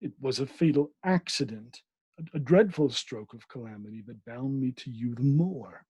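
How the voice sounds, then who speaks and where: A man's voice: medium pitch, moderate pace, dark tone, husky, dry recording, close to an everyday voice. A man reading an earnest young doctor. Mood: pleading. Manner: earnest, pleading.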